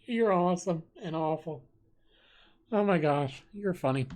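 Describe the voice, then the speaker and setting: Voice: medium pitch, a little slow, darkish tone. A live streamer in casual chat who reads viewers' jokes aloud and laughs at them often, with a desk microphone. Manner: giggly, reacts with frequent laughter.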